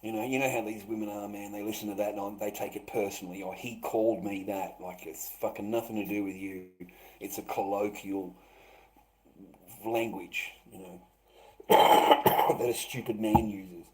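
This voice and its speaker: A man's voice: fairly low pitch, fairly even intonation, moderate pace, a little mellow, poor audio. Swearing man ranting on stream. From Australia. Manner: swearing, repetitive, stammering restarts. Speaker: livestreamer. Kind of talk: rambling livestream monologue.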